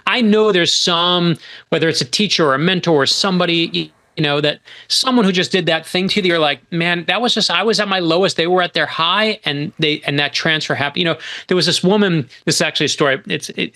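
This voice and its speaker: A man in his forties, a guest author, telling stories in an animated, emphatic way in casual podcast talk. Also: on the high side, gravelly.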